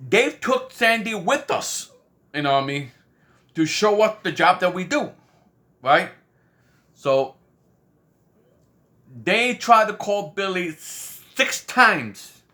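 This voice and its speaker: Rambling man retelling a story, bright tense voice, keeps saying "you know what I mean". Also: high-pitched. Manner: acts out quoted voices. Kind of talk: casual spoken anecdote.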